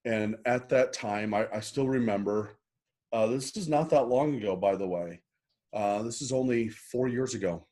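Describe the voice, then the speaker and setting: A man's voice: medium pitch, a little mellow. A middle-aged man speaks as an interview guest in an easy, conversational way. He is earnest and open with his feelings, and he often doubles back and repeats words. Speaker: guest, happiness coach. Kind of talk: casual interview talk.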